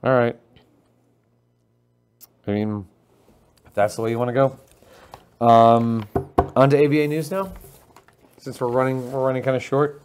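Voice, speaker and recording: A man co-hosting a casual tech and gaming livestream, joking and quick to get excited. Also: medium pitch, clean tone. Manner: joking, excitable, self-mocking. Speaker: livestream co-host.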